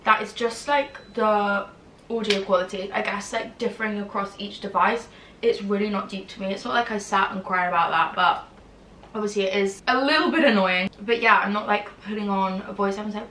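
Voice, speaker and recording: Casual vlogger, woman, early 20s, bright rambling delivery; roomy, slightly distant recording. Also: mid-range voice, a little hiss or hum. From England. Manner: rambling, lots of "like", quick asides. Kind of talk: casual chatty vlog.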